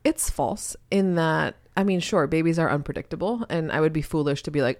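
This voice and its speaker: A woman's voice: low voice, fairly quick, few pauses, a little mellow, no echo, studio quality. A woman co-hosting a podcast, a new mother, talking candidly and animatedly in casual chat. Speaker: podcast co-host.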